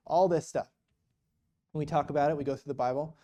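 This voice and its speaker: A man's voice: on the high side, steady tone, brisk, mellow. A man speaking as a missionary guest at a church, telling a story in a casual, rambling way with lots of retold conversation. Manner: rambling, retells conversations with many quotes.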